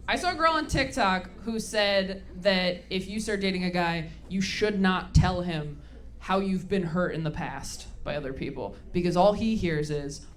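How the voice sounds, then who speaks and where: A woman in her thirties doing stand-up comedy and crowd work, quick and sarcastic, with laughing asides. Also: fairly low pitch, slight background noise. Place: large theater with audience. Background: audience laughter.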